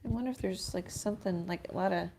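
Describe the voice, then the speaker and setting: Woman painting on a stream, kinda gravelly, mutters along as she mixes colors. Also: lowish voice, fast talker, dark tone, a little hiss or hum. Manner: musing, self-talk while painting, trails off. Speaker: art teacher painting live. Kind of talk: casual painting livestream commentary. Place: home art studio.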